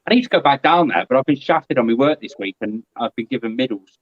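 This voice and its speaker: A man's voice: mid-range voice, animated, fast talker, no room sound, muffled recording. A man chatting casually and animatedly on a live stream over a video call. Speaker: guest.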